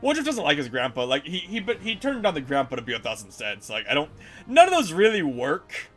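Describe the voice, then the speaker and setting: A man giving casual, jokey commentary while playing a video game with friends, animated and quick to swear. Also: a little high, soft background music.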